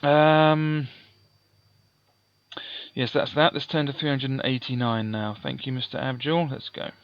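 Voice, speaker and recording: A man playing through a gamebook, reading its passages aloud and calmly working out dice sums with mild self-deprecating asides. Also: mid-range voice, a little slow, dull audio. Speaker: let's play host. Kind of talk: gamebook playthrough with read-aloud narration.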